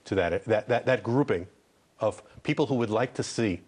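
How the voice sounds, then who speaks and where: A man's voice: fairly low pitch, lively intonation, normal speed, a little mellow, slightly rough. Earnest ambassador pressing his point. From Israel. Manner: earnest, repeats words when pressing a point. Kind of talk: TV news interview.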